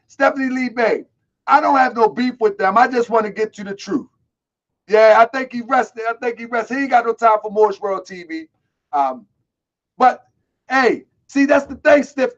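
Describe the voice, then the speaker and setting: Loud high-voiced streetwise man. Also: highs cut off. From Baltimore. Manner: loud, boisterous, streetwise banter. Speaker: online show host. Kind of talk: casual live-stream talk.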